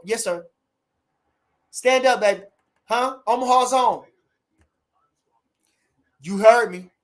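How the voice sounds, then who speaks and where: A middle-aged man hosting a casual livestream, animated and repeating catchphrases as he chats. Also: high voice. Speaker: livestream host.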